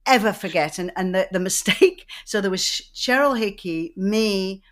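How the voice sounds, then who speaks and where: A woman from Manchester with a Mancunian accent, co-hosting a podcast and telling lively, rambling anecdotes in casual chat. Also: mid-range voice, moderate pace. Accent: Mancunian English. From Manchester, England. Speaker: podcast co-host.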